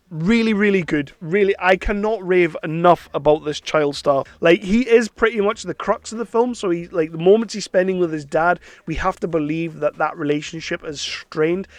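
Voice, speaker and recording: A man's voice: high-pitched, no room sound. A man giving an enthusiastic, chatty film review, sometimes slipping into playful impressions. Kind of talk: casual film review monologue.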